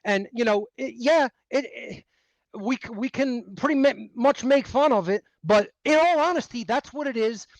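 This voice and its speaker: A man rants in a high voice, swearing and hammering his points home. The sound is dry and close, with no room around him. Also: normal speed, no room sound, low-quality recording. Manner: profane, emphatic ranting. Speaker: interview guest. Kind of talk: heated monologue.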